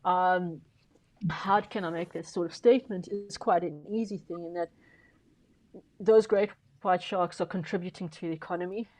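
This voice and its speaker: Emphatic woman panelist, low voice. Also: steady tone, normal speed, darkish tone, low-quality recording. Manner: emphatic, persuasive, repeats words for stress; frequent fillers and restarts. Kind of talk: conference panel discussion.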